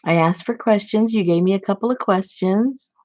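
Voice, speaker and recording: A woman's voice: mid-range voice, normal speed, darkish tone. A woman hosting a casual crafting chat for her viewers, rambling and chatty with lots of fillers and restarts. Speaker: crafting channel host. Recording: dull lo-fi sound.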